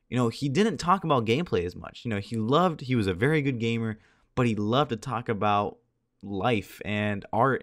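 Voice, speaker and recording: A man's voice: medium pitch, dry recording, studio quality. A teenage boy chatting casually over gameplay as a video commentator, tired and a little scratchy-voiced, rambling along and laughing at himself. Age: teens.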